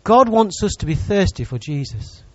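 Pastor preaching, high voice that jumps all over, kinda dull dry recording. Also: male voice, normal speed, no room sound. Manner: lively, teasing preacher who jokes with the congregation. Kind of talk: sermon.

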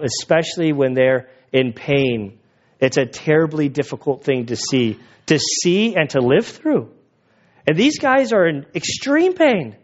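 A man delivering a sermon with a somewhat high-pitched voice, talking casually and with animation as he retells a story. The recording sounds a little dull and lo-fi. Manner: conversational, animated retelling with acted quotes. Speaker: pastor.

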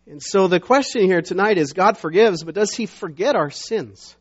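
A middle-aged man preaches in a loose, chatty way, stumbling over restarts and fillers before rising to emphatic scripture readings. His voice sits a little high for a man. The recording is dull and lo-fi. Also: expressive, moderate pace, slightly rough. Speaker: pastor. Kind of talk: sermon. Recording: dull lo-fi sound.

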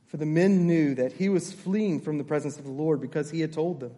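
A man's voice: fairly high pitch, moderate pace, few pauses, dark tone, in a large hall. A man pastor delivering a sermon, emphatic, repeating his key phrases and checking in with the congregation.

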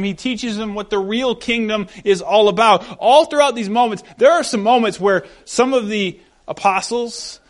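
A man preaching a conversational sermon, acting out the voices of the people he quotes. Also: high voice.

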